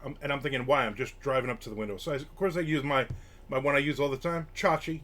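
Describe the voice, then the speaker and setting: Speaking a little fast in a medium-pitched, slightly bright voice, an older man chats casually on a stream from his home room. He grumbles through a story, performing the quoted lines as he goes.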